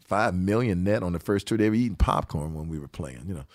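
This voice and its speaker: A man's voice: low voice, quick pace, no room sound, studio quality. An older man, a musician, telling stories in a casual interview, quoting people and laughing often. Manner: animated storyteller, quotes people, laughs often.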